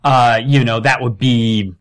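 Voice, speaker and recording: A man's voice: mid-range voice, fairly even intonation, unhurried, fairly bright tone. A man running a tabletop game as game master, explaining rulings and weighing options aloud.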